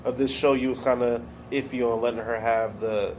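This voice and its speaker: A man's voice: medium pitch, steady tone, a little fast, a little mellow. A man hosting a podcast, asking loose, hesitant questions in casual chat. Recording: faint background noise.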